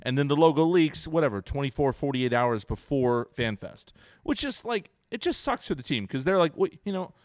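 A man in his forties co-hosts a casual sports podcast, telling stories animatedly and acting out the voices of his kids. His voice is mid-range, with a moderate pace and few pauses. There's no room sound on the recording.

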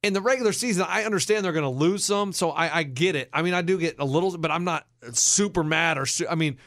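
A man co-hosting a talk show in casual banter, animated and defensive as he tells stories. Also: fairly high pitch, quick pace, no echo, clean studio sound. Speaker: radio show co-host.

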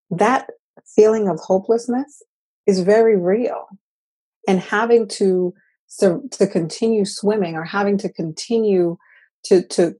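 Woman, mother; dark, slightly breathy tone; earnest, halting personal talk. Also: mid-range voice. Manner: earnest, halting, repeats words. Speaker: mother sharing personal story.

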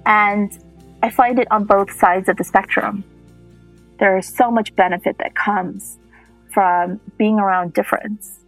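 A woman's voice: medium pitch, steady tone, measured pace, faint music behind, rough recording. A middle-aged woman telling a personal story as a guest, reflective and at times choked up.

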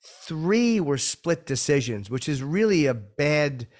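A man's voice: fairly high pitch, sing-song, takes it slowly, a little mellow. A man hosting a chat show who makes dry, wry remarks and interviews a guest. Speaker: podcast host.

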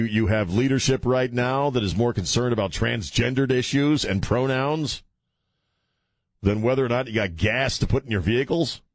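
A man's voice: mid-range voice, no echo. A man hosting a talk radio show, blunt and mocking, with a rambling delivery full of fillers. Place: radio studio. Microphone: studio microphone.

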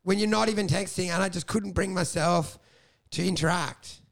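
A man's voice: high voice, normal speed, creaky. An out-of-breath man, ranting and swearing through casual podcast banter as a comedian co-host. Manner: animated, sweary ranting storyteller.

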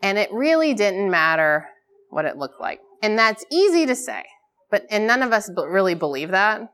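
A woman's voice: mid-range voice, sing-song, normal speed, a bit bright, smooth. A woman in her thirties giving a live talk at a conference, candid and self-deprecating, often laughing at herself. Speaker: conference speaker. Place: conference stage before a live audience.

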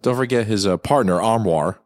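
A man's voice: fairly low pitch, normal speed, no room sound, faint music behind. A man cracking jokes in a casual watchalong chat about a film.

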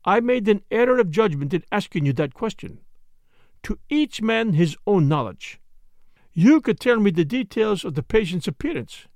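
A fussy little detective, acted by a man reading a storybook, high-pitched and lively in his rise and fall. He lays out his reasoning with neat, faintly amused precision. The sound is dry and close. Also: dry recording. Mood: precise. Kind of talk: audiobook character voice.

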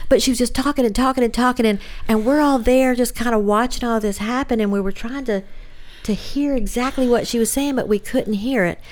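A middle-aged woman, quietly and haltingly telling a family story in casual conversation. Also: a little high. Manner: halting, soft-spoken, laughs through tears. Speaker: guest relative.

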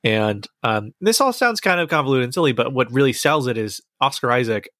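A man's voice: mid-range voice, animated, fairly quick, bright, forceful tone, dry recording, clean studio sound. A man chatting casually as a podcast co-host, enthusiastic and rambling as he reviews a TV series. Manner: enthusiastic, rambling, restarts sentences.

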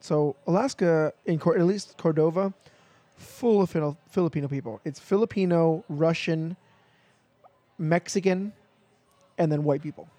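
Young man, casual podcast storyteller: high voice, laughs often, plays the people in his anecdotes. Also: unhurried, dark tone, no echo. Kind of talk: casual chat.

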